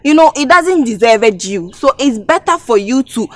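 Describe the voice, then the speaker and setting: A woman's voice: fairly high pitch, animated, normal speed, dry recording. A woman with a Ghanaian English accent acting a comedy skit as a canteen cook, scolding and demanding in broken English.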